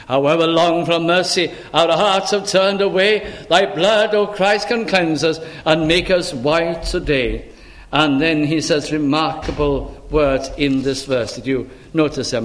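An older man preaching a sermon in an earnest voice. He uses old-fashioned biblical phrasing, rises sharply on pleading calls and drops low and soft between them. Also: measured pace.

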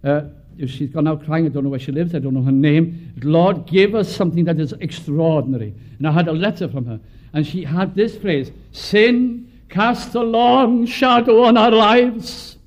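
High-voiced earnest man preaching. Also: brisk, hardly any pauses. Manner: earnest, swells from quiet to fervent. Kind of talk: sermon. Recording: dull lo-fi recording.

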